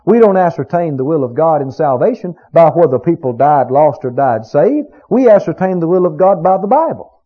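A man's voice: a little high, sing-song, normal speed, slightly rough. A man preaching a sermon, emphatic and full of rhetorical questions to his congregation. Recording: dull lo-fi recording.

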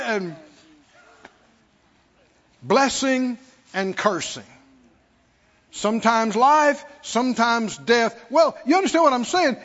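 High-voiced preacher in a reverberant hall. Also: male voice, very animated, slow, long pauses, fairly bright tone. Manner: calls out to the congregation for response; acts out worried believers in a mocking tone. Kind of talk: sermon. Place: church sanctuary. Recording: dull lo-fi recording with long hall reverb.

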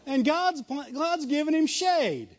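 With a very high-pitched voice, a man delivers an animated, emphatic sermon, chuckling frequently and keeping a measured pace while a faint crowd can be heard. The recording sounds dull and low-fidelity.

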